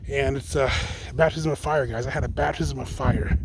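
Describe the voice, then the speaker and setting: A man's voice: medium pitch, steady tone, normal speed, slight background noise. A young man talking casually to viewers in a vlog, telling a personal faith story in a rambling, self-correcting way and calling them guys. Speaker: channel host. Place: outdoors, picking up mail.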